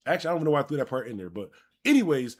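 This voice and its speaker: Husky, animated storytelling man. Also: mid-range voice, very fast. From Buffalo, New York. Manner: animated, rambling, profane, addresses viewers directly. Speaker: live-stream host. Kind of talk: casual storytelling.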